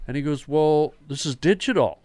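A man in his sixties tells a long story in easy conversation and slips into the voices of the people he quotes. His voice is smooth and clear. The sound is close and dry, with no room around it. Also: on the high side, moderate pace, no echo. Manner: animated storyteller, acts out quoted dialogue. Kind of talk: casual storytelling chat.

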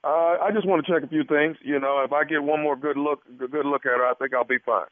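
A man's voice: fairly high pitch, fairly even intonation, fast talker, no room sound, lightly acted. A man pranking as an awkward male doctor, stammering and hesitant on a phone call. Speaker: prank caller. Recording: tinny phone line.

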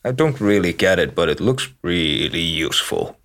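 A man's voice: low voice, expressive, moderate pace, fairly bright tone. Playful, rambling man at the game table. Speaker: player. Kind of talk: tabletop role-play.

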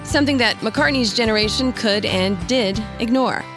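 A woman hosting a radio music feature, reading scripted narration in a measured, explanatory storytelling manner. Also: on the high side. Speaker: radio host.

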